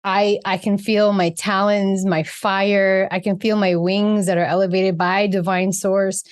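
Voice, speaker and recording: A woman who is a guest on a podcast, speaking in an expressive, earnest way about her inner life. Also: medium pitch, measured pace. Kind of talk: heartfelt spiritual conversation.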